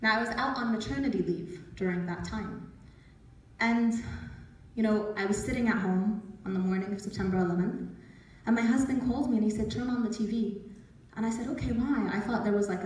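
A woman in her forties giving a storytelling talk as an author, lively and acting out the voices she quotes. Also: mid-range voice, a little fast. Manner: lively, acts out quoted voices, laughs often. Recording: echoey hall, speaker from far off.

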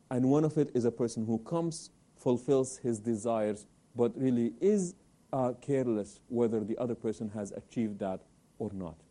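On a televised Islamic talk show, a male host speaks animatedly in a fairly high voice, posing questions and answering them himself while scattering Arabic religious phrases throughout.

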